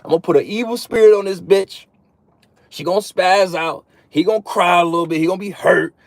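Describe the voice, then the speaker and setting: A man's voice: high-pitched, a little fast, creaky, no room sound, voice pushed up. A man voicing God as a mocking male deity who curses in street slang. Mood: scornful.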